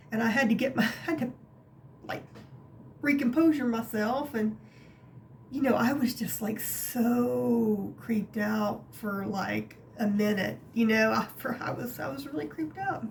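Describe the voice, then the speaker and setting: A woman vlogger telling a personal story in a chatty, animated way, with many fillers and some laughter, from her craft room at home. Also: a little high, a little slow, vocal fry, slight background noise. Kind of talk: casual storytelling to camera.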